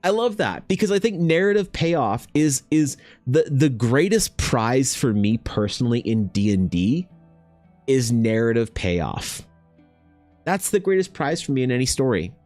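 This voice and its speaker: A man who streams and runs tabletop games, chatting casually with his viewers in a rambling, animated and profane way. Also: medium pitch, measured pace, no echo, faint music behind. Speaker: streamer and dungeon master. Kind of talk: casual livestream chat.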